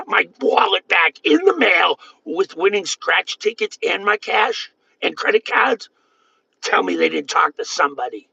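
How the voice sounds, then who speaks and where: A high, raspy man rants on a livestream, lurching between hoarse yelling and low, profane muttering. His pitch leaps all over the place, and his tone is sharp and tense. The sound is dull and lo-fi. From Boston area. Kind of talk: angry livestream rant.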